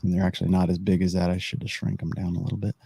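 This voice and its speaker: A man's voice: low-pitched, monotone, racing, gravelly, mellow, husky, dry recording. A man narrating as game master of a tabletop game, rambling and thinking aloud as he sets up the map.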